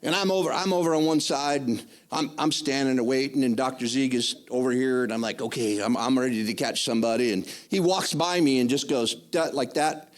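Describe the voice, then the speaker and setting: An older man giving a spoken testimony in church, rambling and excitable, with many restarts. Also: medium pitch, a little fast, hardly any pauses.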